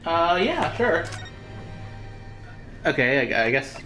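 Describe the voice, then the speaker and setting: A woman's voice: on the low side, very animated, slow, bright, forceful tone, soft background music. A woman reading game dialogue and commenting casually, self-mocking and hesitant. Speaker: gaming streamer.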